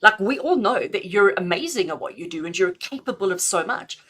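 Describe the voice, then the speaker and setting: A middle-aged woman with a bright, clear tone gives intuitive messages on a live stream. She talks in a chatty, affectionate way and laughs easily between readings. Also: medium pitch, expressive, fairly quick. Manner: affectionate, chatty, calls listeners "my darling". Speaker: intuitive reader.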